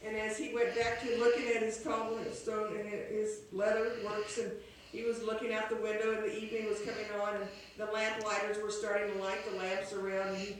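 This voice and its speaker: A woman telling a classic story aloud, unhurried and homespun, sometimes restarting a phrase. Her voice carries through a very echoey room from a mic set well back. A faint ambience hums underneath. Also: medium pitch, completely flat delivery, recorded from a distance, slight background noise. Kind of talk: oral storytelling of a classic tale.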